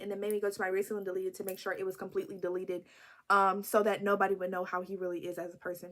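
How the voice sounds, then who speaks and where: A woman in her twenties telling a story to camera in a casual, animated and wry vlog style. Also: medium pitch. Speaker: vlogger.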